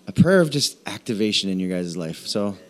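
A man preaching a sermon, telling stories and acting out quoted voices, with halting restarts between phrases. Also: on the low side. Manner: storytelling with animated quoted voices. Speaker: pastor.

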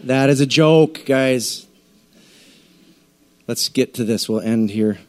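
A man preaching a sermon to a church congregation, animated and conversational, often acting out the voices of listeners. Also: mid-range voice, slow. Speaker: pastor.

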